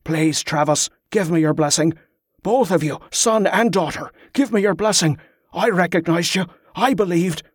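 A man's voice: high-pitched, normal speed, no echo, clean studio sound. A man voicing a devout, earnest acolyte who speaks with reverence. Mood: pleading. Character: devout, earnest male acolyte, fervent believer.

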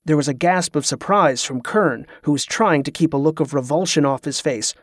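A man narrating a novel as an audiobook, in a steady, even storytelling manner. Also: a little high, normal speed, dry recording, clean studio sound.

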